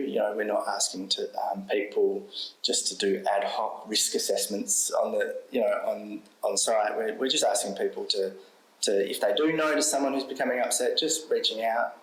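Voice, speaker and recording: A man explaining a mental health first aid card in a conversational way, thoughtful and halting, often pausing on "you know". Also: lowish voice. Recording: echoey room.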